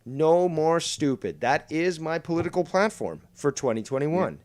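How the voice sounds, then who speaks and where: A man's voice: fairly high pitch, expressive, moderate pace, darkish tone. Blunt, profane male podcast host. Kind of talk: casual ranting podcast chat.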